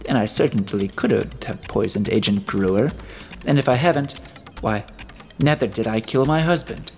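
A fiery, brittle young woman, put on by a male audiobook narrator, pleads in a lifted, strained voice that sharpens into a raspy snap. A gravelly edge runs under the raised pitch, with soft music far behind. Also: moderate pace. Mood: pleading. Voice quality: raspy when angry. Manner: high pleading voice turning to shrill outrage. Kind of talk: audiobook character voice.

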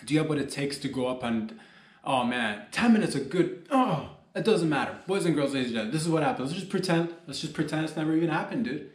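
A man's voice: on the high side, expressive, fast, reverberant. A man hosting a solo comedy podcast, rambling and joking as he talks straight to his listeners.

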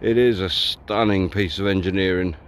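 A man's voice: low-pitched, fairly even intonation, moderate pace, slight background noise. A man vlogging on a riverside hike outdoors, chatting bluntly and swearing freely. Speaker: hiking vlogger. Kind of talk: casual walking vlog monologue. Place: outdoors on a riverside countryside path.

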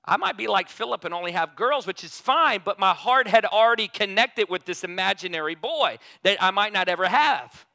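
A man preaching a sermon in a casual, animated way, telling a story and repeating emphatic refrains. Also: sits high, moderate pace, vocal fry, hardly any pauses, no room sound.

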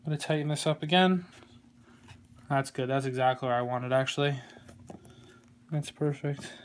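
A man giving a casual how-to tutorial on a glove, relaxed and rambling, with plenty of fillers and small jokes. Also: mid-range voice, moderate pace, slight background noise. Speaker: glove maker demonstrating lacing. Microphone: phone camera.

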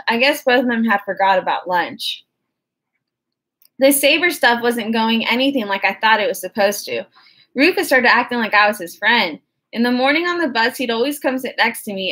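A woman's voice: on the high side, fairly bright tone. A woman narrating an audiobook in the first person, with a wry, conversational storytelling manner.

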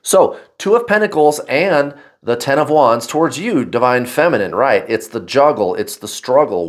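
A man's voice: medium pitch, expressive, moderate pace. A man giving a casual tarot card reading, chatty and blunt, swearing freely and often calling out to "guys". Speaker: tarot reader.

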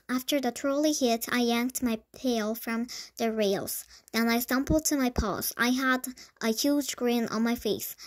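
Woman reading a children's storybook aloud. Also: a little high. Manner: lively storytelling with small stumbles. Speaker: storybook reader.

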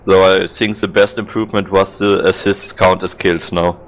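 A man from Germany in casual gaming chat, teasing in a dry, deadpan way while he plays. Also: low voice, normal speed, a little hiss or hum. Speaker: gameplay commentator. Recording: loud gunfire behind voice.

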